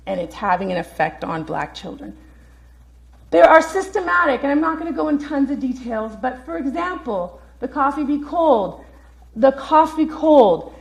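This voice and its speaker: A woman's voice: sits high, vocal fry. A woman giving an academic lecture to students, engaging them with frequent questions. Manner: engaging, asks the audience questions. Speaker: keynote speaker. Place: lecture hall.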